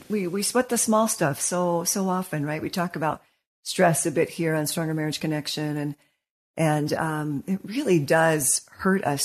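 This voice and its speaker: A woman co-hosting a podcast as a marriage counselor, encouraging and quick to laugh in casual discussion. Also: on the low side, breathy edge. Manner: warm-hearted, encouraging, laughs easily.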